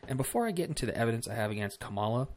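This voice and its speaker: A man's voice: medium pitch, very animated, very fast, a little mellow. A man hosting a casual political commentary vlog, talking bluntly with swearing and rambling asides. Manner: blunt, profane, rambling with fillers.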